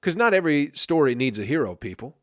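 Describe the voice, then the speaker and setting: A man's voice: on the high side, very animated, fast, no echo. Profane ranting male podcast host. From Flint, Michigan. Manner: swears constantly, asks "you know what I mean, people?".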